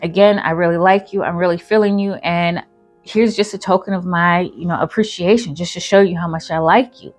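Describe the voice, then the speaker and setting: A woman's voice: lowish voice, fairly even intonation, a little fast, soft background music, natural voice. Brief: a woman playing a conceited young man, whiny and pleading, plain everyday voice. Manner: pleading, self-pitying.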